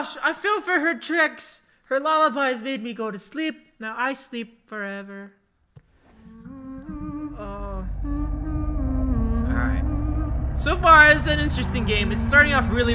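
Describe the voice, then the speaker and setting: A man giving let's-play commentary on a horror game, excitable and yelping when startled. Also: sits high, noisy background. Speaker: gaming YouTuber.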